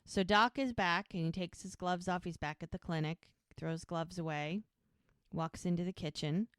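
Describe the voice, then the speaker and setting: A woman's voice: lowish voice, fairly even intonation, moderate pace, smooth, no echo, studio quality. A woman co-hosting a podcast, chattily retelling a TV episode scene by scene with lots of "he's like" and "she goes". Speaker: podcast co-host. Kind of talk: casual TV episode recap.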